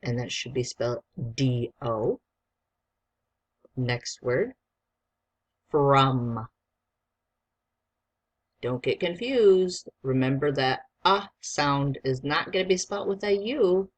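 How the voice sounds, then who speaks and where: A teacher leads a spelling dictation lesson, taking it slowly and deliberately and spelling each word out one letter at a time. The tone stays patient and encouraging toward a young student, with a mid-range voice. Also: mid-range voice, animated.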